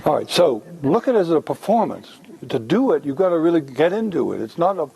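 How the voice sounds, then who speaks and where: Gravelly man lecturing a workshop. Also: a little high, fairly quick, rough recording. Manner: relaxed, conversational explaining. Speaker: workshop presenter. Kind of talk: workshop lecture with role-play demo.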